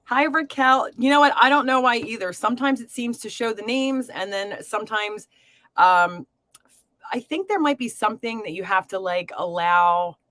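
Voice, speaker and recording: A woman hosting a live tarot reading stream, talking casually to viewers with lots of fillers and pet names. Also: medium pitch. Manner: chatty, warm to viewers, filler-heavy.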